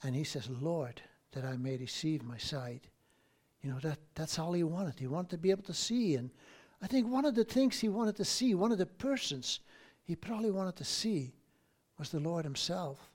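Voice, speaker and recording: A man preaching a sermon, retelling a story in an unhurried way, often restarting phrases and adding asides. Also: high voice, very animated.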